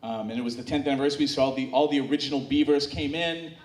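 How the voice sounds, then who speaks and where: A man telling a comic story live on stage, chatty and full of fillers and restarts, bantering with the audience and getting them to shout answers back. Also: medium pitch, fast, recorded from a distance. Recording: echoey room, heard from off-mic.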